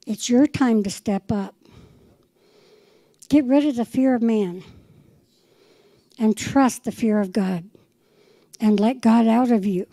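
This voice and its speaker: Fervent woman preacher, high mellow voice. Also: slow, pauses often, dry recording, rough recording. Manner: fervent, quotes the Lord in dialogue. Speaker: pastor. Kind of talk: sermon.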